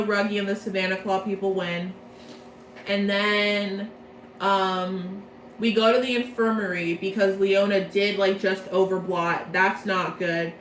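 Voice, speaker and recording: A young woman rattles off a story recap in a rambling, excitable way and keeps correcting herself as she goes. Her voice sits in a roomy space, with faint noise behind it. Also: medium pitch. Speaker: video creator. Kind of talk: casual plot recap from memory.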